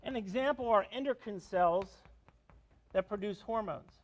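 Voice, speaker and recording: A man's voice: high voice, moderate pace. A middle-aged man giving a university biology lecture, explaining step by step and checking in with students. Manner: explanatory, asks students questions, frequent "okay?". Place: lecture hall.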